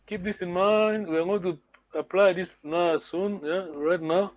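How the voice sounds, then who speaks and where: A man's voice: sits high, fairly even intonation, a little slow, dry recording. A man teaching an online language lesson, patient and repetitive, often checking that his students follow. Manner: patient, repeats words, asks "yeah?" to check understanding.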